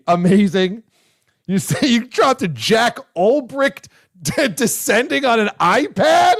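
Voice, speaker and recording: A male sports radio host giving loud, effusive praise and chatting casually with his guest. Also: very high voice, sing-song, slow pace, gravelly. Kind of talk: casual talk radio chat.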